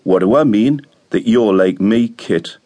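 A brooding, broad-shouldered teenage boy, bitter and sly, speaking in a low, coaxing drawl, as a man reads him aloud. The voice sits somewhat deep, in storybook style. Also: unhurried, mellow, slightly rough.

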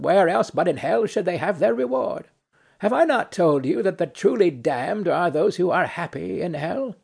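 A man's voice: fairly high pitch, creaky, slightly rough, full character voice. A man reading a play aloud, voicing a weary, ironic nobleman who speaks in a dry, mocking, philosophical way. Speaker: audiobook narrator.

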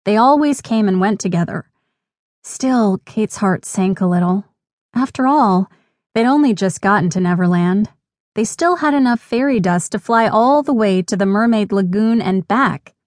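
A woman narrating a children's audiobook in a clear, gentle, measured way. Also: medium pitch, animated, no echo. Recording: dry studio recording.

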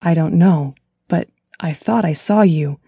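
A man's voice: fairly high pitch, measured pace, creaky, mellow, breathy edge, dry recording, highs cut off, heavily acted. A woman narrator voicing a worried young man who is calling his sister from abroad, speaking urgently and earnestly in an audiobook. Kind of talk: audiobook character voice.

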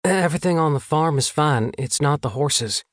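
A male audiobook narrator voicing a nervous young man who stammers and speaks in a hushed voice, in a dry, close reading. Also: on the high side, normal speed, no echo, close to an everyday voice. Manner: hesitant, stammering whisper. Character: nervous young man, just turned adult. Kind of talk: audiobook dialogue.

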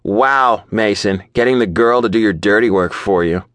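A man's voice: lowish voice, moderate pace, a bit bright, no echo, lightly acted. A male narrator voicing his own bitter, sarcastic young character in an audiobook. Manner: sneering, sarcastic.

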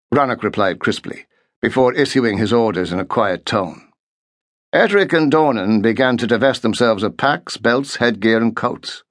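A man reading a historical novel aloud in a measured, steady storytelling voice. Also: medium pitch, no echo, studio quality. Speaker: audiobook narrator. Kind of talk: scripted narration.

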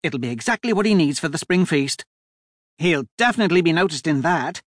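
Brief: man doing a high, shrill, impulsive duchess for an audiobook, bossy and gushing. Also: animated, a little fast, no echo, studio quality. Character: impulsive heavy-set noblewoman duchess, excitable. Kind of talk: audiobook character voice.

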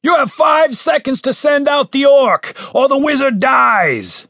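A man's voice: very high voice, expressive, measured pace, no room sound, studio quality, voice pushed up, exaggerated voice. Man doing a barking soldier commander. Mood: barking orders. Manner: shouted orders. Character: barking male soldier commander, stern and threatening.

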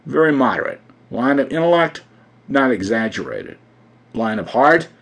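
A fussy, obsequious middle-aged palm reader, as a man puts him on, delivering readings in measured steps. The voice is slightly husky and moves in a lively, animated way. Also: medium pitch, heavily acted.

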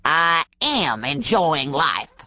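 Audiobook: narrator plays a crusty old hill-country storekeeper, snarling rural drawl, dull dry read. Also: female voice, medium pitch, big pitch swings, a little slow, dry recording, voice pushed up. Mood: gloating. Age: older. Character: ornery old male mountain storekeeper.

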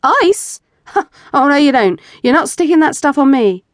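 A woman's voice: medium pitch, a little slow, darkish tone, dry recording, clean studio sound, natural voice. A woman voicing an eager, impatient husband who exclaims and protests in a raised voice. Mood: protesting.

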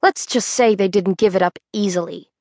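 Young woman archer, cool and firm, even delivery, dry close sound, read by a woman narrator. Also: medium pitch, moderate pace, no room sound, lightly acted.

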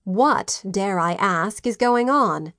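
A composed former war nurse asks pointed questions in a crisp, dry way, voiced by a woman narrator. The recording is close and dry. She is an audiobook character. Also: mid-range voice, expressive, takes it slowly, a bit bright, no room sound. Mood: puzzled.

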